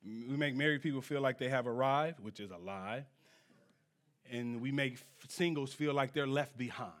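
A man preaching a sermon in church, swinging from low, quiet lines to shouted peaks and drawing answers from the congregation. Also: normal speed. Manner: call-and-response with the congregation. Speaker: pastor.

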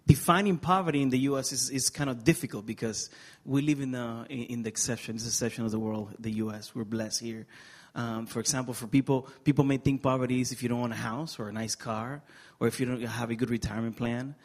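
A middle-aged guest from the Dominican Republic tells his life story in a personal testimony interview, earnest and emotional with touches of humor. His medium-pitched voice is fairly even in intonation, and he talks quickly with hardly any pauses.

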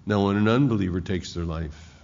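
A man preaching a sermon, reading scripture aloud and explaining it with slow emphasis and frequent restarts. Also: low-pitched, gravelly, a little mellow. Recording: echoey hall, dull lo-fi sound.

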